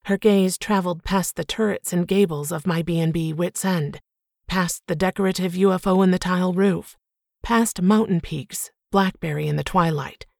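A woman narrating a first-person audiobook in a measured, reflective way. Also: fairly low pitch, fairly even intonation, creaky, darkish tone, dry recording, clean studio sound.

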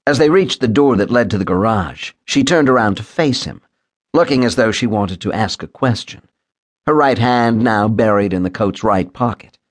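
Low-voiced guy reading a thriller audiobook, steady measured pace. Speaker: audiobook narrator. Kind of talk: scripted thriller narration.

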